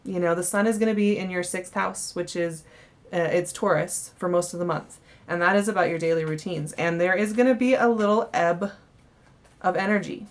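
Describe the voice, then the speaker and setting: A young woman talks through a tarot spread in a loose, chatty way, often restarting her sentences. Her voice sits a bit low for a woman. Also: steady tone, normal speed. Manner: chatty, warm-hearted, many fillers and restarts. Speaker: tarot reader. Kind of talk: casual monthly tarot reading.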